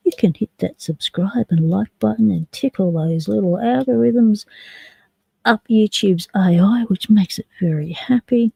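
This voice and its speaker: Aussie woman chatting to her live chat, gravelly husky voice, jokey, dry close sound. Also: medium pitch, dark tone, no room sound, poor audio. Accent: Australian. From South Australia. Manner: chatty, jokey, talks to chat while picking locks. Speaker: live stream host. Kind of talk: casual live stream chat.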